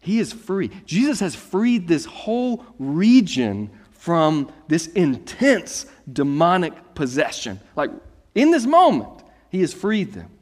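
A man preaching a sermon, reading scripture and then explaining it in a lively, conversational storytelling way. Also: on the high side, slow pace, in a large hall. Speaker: pastor.

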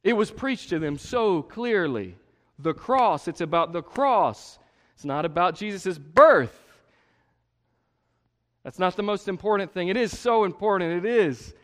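A man preaching a sermon, full of rhetorical questions and sudden hushed emphasis. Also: high voice, lively intonation, measured pace. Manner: emphatic, rhetorical questions, drops to a hush for stress. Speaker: pastor. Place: church sanctuary. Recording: long hall reverb.

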